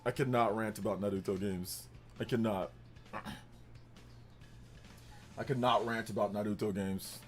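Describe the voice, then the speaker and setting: A man's voice: lowish voice, steady tone, a little slow, long pauses, faint music behind. A man hosting a casual gaming livestream, rambling in repeated phrases and defiant at times. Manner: repetitive, heated, defiant rambling. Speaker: livestream host.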